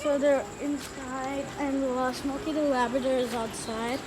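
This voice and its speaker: A woman's voice: high voice, flat delivery, a little slow. A woman in a casual home vlog, chatting as she narrates playing with her pets outdoors. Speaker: pet vlogger. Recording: loud background noise outdoors.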